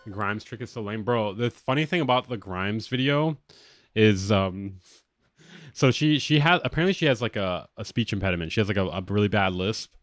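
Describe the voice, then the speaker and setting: A man with a lateral lisp talks loosely on a music-production livestream. His voice sits on the low side, and he gets excitable and curses freely. The sound is close and dry, with no room around it. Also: normal speed, no room sound. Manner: loose, excitable, swears often. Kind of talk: casual livestream chat.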